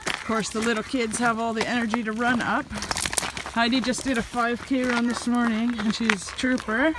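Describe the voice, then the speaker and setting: A woman's voice: a little high, little pitch movement, normal speed, very noisy. A young woman chatting to the camera while hiking, a little out of breath, talking into her phone. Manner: chatty, laughs often, talks to camera. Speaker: vlogger. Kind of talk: casual vlog chat on a hike. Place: outdoors on a mountain trail. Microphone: handheld phone.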